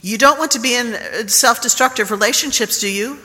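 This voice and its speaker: A woman's voice: a little high, moderate pace, bright, forceful tone, long reverb tail. A woman preacher voicing a blunt, impatient male therapist who talks in a curt, dismissive way. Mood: brusque. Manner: curt, dismissive, repeats himself.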